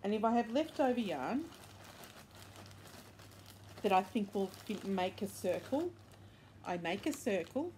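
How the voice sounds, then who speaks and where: A woman's voice: mid-range voice, sing-song, a little slow, pauses often, darkish tone, slight background noise. A woman hosting a crochet podcast, chatting casually and enthusiastically at home, rambling with fillers and self-corrections. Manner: enthusiastic, upbeat. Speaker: crochet and knitting podcast host. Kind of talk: casual show-and-tell chat. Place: indoors at home, bedroom.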